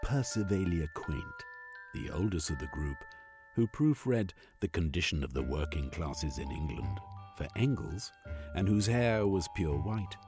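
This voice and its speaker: A man narrating an audiobook story in an expressive, varied way. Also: deep voice, unhurried, over music.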